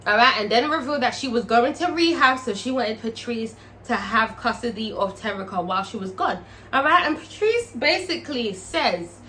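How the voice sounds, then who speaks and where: A woman casually recapping a TV episode, animated, swearing and checking in with the viewer. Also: fairly high pitch, moderate pace, a little hiss or hum. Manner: animated, frequent swearing, checks in with "all right?". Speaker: TV show reviewer.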